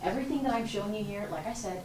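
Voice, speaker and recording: A woman's voice: mid-range voice, very fast, background noise. A woman running an interview-skills workshop, giving direct, hands-on coaching to a class. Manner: direct, coaching, demonstrating poses. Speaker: workshop instructor. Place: large room with a class. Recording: roomy hall audio from far off.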